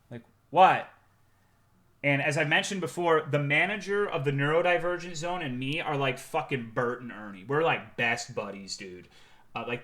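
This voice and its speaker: Bright-voiced man telling a rambling story. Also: on the high side. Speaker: streamer. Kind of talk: casual chat.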